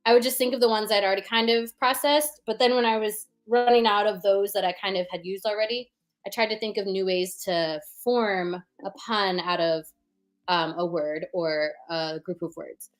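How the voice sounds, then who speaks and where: A woman's voice: medium pitch, fairly even intonation, normal speed, soft background music. A woman performing puns as a guest, chatting casually about how she writes them, with many fillers. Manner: chatty, many fillers, explains with rhythm sounds. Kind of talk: casual chat.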